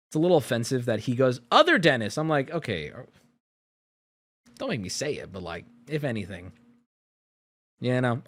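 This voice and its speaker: A man streaming, telling a story to his chat in a casual, animated way, jumping between loud outbursts and low mutters. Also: dry recording.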